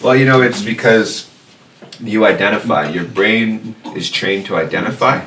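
A very low-voiced man leads a classroom lesson, speaking patiently and repeating words slowly so students can follow. He sounds distant from the mic, in an echoey room with a faint hiss underneath. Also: fairly bright tone. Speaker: language teacher.

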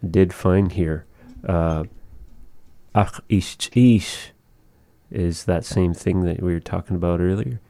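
A low, gravelly man hosts a relaxed radio language lesson. He speaks slowly and repeats each word so a learner can copy it. His voice is dark and mellow and sits in a dry, close sound. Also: no room sound. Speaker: radio host teaching a language.

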